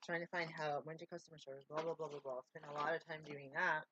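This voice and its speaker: A woman's voice: low-pitched, fairly even intonation, fast, bright, forceful tone, lo-fi sound, slight background noise. A woman talking to camera in a casual, rambling check-in, drifting between thoughts and breaking off mid-sentence. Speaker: vlogger.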